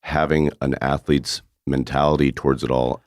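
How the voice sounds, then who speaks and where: A man with an extremely deep, low voice talks in easy, earnest conversation as a podcast guest. He often lets his sentences trail off softly. The sound is dry and close. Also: flat delivery, normal speed, dry recording. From American Midwest. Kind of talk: casual chat.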